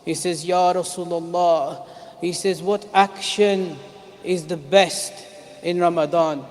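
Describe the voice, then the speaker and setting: A man preaching a mournful sermon, chanting and singing the lines and rising to shouts. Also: high-pitched, fairly even intonation, slow pace. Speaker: preacher reciting a lament. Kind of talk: sung, mournful sermon recitation. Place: mosque hall. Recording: long mosque hall reverb.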